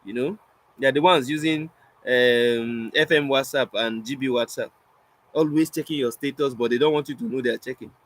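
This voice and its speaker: A man's voice: mid-range voice, a bit bright, poor audio. A young Nigerian man, a spoken word poet, teaching in a casual storytelling way, acting out both sides of his anecdotes and slipping into pidgin.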